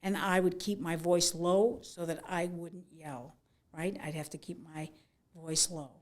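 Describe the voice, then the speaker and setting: A middle-aged woman author telling stories from her life in an interview, frank and animated, often acting out what people said. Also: lowish voice, measured pace. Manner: frank, animated storyteller, acts out quotes. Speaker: author and guest. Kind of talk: conversational interview.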